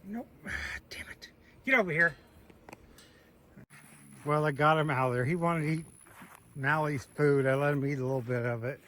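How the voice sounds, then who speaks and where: Farm vlogger, male, slightly high voice, coaxing his animals outdoors, faint background noise. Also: fairly even intonation, moderate pace, long pauses, fairly bright tone. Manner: talks sweetly to his goats in a coaxing voice. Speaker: homesteader showing his animals. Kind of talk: casual farm walkthrough vlog.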